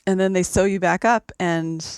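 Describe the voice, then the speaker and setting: A woman talking in a relaxed conversation over a remote call, explaining things step by step with frequent ums. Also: fairly low pitch, normal speed, smooth, no echo. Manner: methodical, explanatory, with many ums. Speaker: podcast guest. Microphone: remote call recording.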